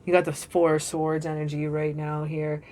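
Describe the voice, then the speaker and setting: Excitable woman reading tarot. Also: deep voice, normal speed, slight background noise. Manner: excitable, dramatic, profane. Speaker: tarot reader.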